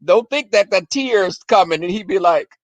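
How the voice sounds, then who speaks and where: A man telling crude stories in a casual rant to his viewers, profane and animated, acting out quarrels in a shrill voice. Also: normal speed, no room sound.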